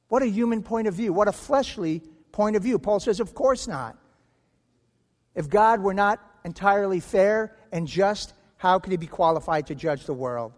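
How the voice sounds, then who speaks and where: Male pastor, high voice, emphatic sermon delivery, church sanctuary with lingering reverb. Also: lively intonation, normal speed. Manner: emphatic preaching, acts out quoted voices with rising pitch. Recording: long hall reverb.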